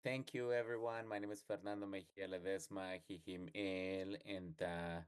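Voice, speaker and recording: A man introducing himself to an audience in a slow, measured way. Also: low-pitched, fairly even intonation, clean tone. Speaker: speaker. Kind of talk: public talk opening.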